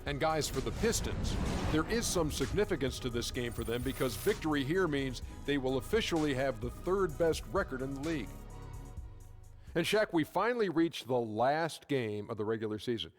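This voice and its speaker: A man's voice: medium pitch, expressive, normal speed, soft background music. Upbeat male sports studio host. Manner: upbeat, wry.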